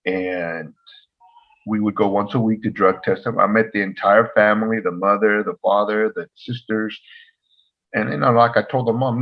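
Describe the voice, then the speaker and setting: A man's voice: on the low side, moderate pace, dull audio. A man who used to be a probation officer tells a story in casual conversation, acting out the dialogue with energy. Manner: animated, acts out dialogue in the story. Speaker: podcast co-host, former probation officer.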